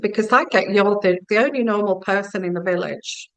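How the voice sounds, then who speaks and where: A woman giving a tarot reading, talking slowly and musingly straight to the listener. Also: mid-range voice, poor audio. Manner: slow, musing, addresses the listener directly. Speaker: tarot reader.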